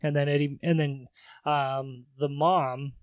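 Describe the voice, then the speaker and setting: A man's voice: on the high side, fairly even intonation, slow, no room sound. Casual podcast guy acting out movie quotes. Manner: acts out quotes in raised voices, laughs often. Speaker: podcast co-host. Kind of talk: casual movie recap chat.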